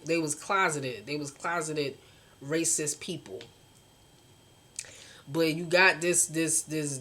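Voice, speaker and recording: A woman's voice: sits low, fairly bright tone. A young woman, venting bluntly and passionately in a casual vlog, swearing often and talking straight to her viewers. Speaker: vlogger.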